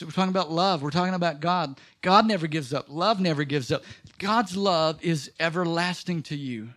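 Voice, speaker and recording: Animated high-voiced preacher man. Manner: animated, swings from loud exclaiming to soft emphatic lines. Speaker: pastor. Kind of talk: sermon. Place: church.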